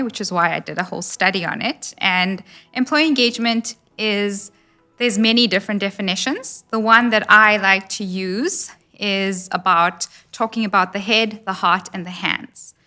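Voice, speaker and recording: South African woman explaining clearly. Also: mid-range voice, normal speed, sharp tone, soft background music. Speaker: HR business partner guest. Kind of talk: expert interview answers.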